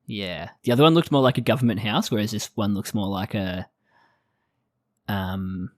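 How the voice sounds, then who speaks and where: A woman's voice: rumbling low, moderate pace, darkish tone, no room sound, studio quality. A woman, co-hosting a podcast, talking casually and wryly about an anime and laughing at her own jokes. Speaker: podcast co-host.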